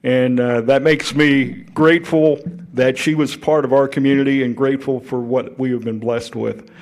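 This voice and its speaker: A man emceeing an awards banquet in a relaxed, folksy way with a few fillers. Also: medium pitch, moderate pace. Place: banquet hall.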